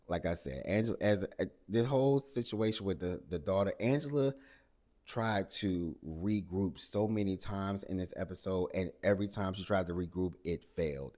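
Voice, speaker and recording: Low-voiced man dishing reality TV gossip. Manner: animated, exasperated, salty asides with acted-out quotes. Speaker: reality TV recap host. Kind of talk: casual gossip recap.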